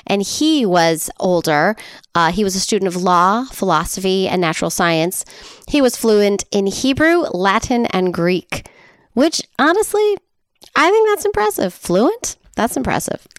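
A chatty woman podcast co-host walks her listener through a historical life story, laughing easily along the way. Her voice is smooth and resonant, recorded dry and close. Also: medium pitch, lively intonation, measured pace, no room sound. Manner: laughs a lot, chatty and playful. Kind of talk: casual chat telling a history story.

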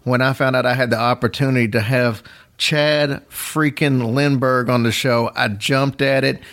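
A man hosting a podcast, telling a story in casual chat with lively asides and chuckles. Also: medium pitch. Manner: animated, quick asides and chuckles. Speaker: podcast host.

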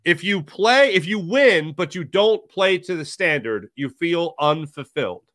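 A man co-hosting a casual sports talk show, animated and jokey, jumping between tangents. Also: a little high, measured pace. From Philadelphia area. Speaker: sports radio co-host.

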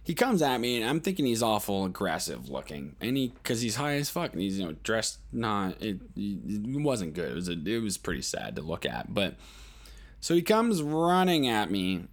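A man's voice: fairly low pitch, very animated, moderate pace. Rambling, profane man telling a story. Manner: rambling and profane, full of fillers and acted-out quotes. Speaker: podcast host. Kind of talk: casual storytelling monologue.

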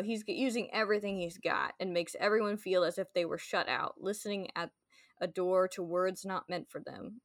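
A woman's voice: lowish voice, dry recording, studio quality. A woman co-hosting a podcast in casual chat, talking loosely with lots of filler words and playful paraphrases. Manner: chatty, heavy on "like" fillers, paraphrases characters playfully. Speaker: podcast co-host.

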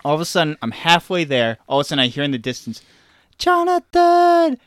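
A man's voice: mid-range voice, very fast, smooth, no echo. A man telling a long funny childhood story in casual chat, acting out the voices of people in it. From Boston area. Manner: animated storytelling, acts out quotes loudly.

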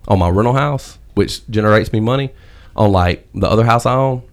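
A man's voice: lowish voice, brisk. A man in his thirties, a podcast co-host, talking casually in an emphatic, lecturing way and teasing the others. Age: 30s. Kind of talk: casual chat.

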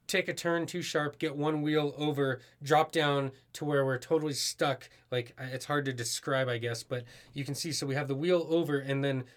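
A man's voice: a little high, fairly even intonation, moderate pace, hardly any pauses. Rambling man telling a road story. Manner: rambling storyteller, many "like" and "um" fillers. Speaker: musician guest. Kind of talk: casual chat.

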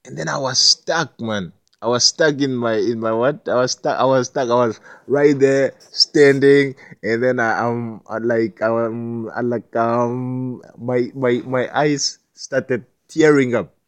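A man's voice: mid-range voice, fairly even intonation, slow, no room sound. A man telling a personal story in a loose, rambling way, full of fillers and restarts. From not Jamaica. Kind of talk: casual storytelling.

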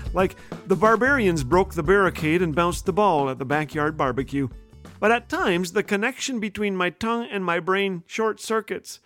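A man's voice: high voice, a bit bright, no echo. A middle-aged man hosting a humorous radio devotional, playful and self-mocking, chuckling at his own slips of the tongue. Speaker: radio host.

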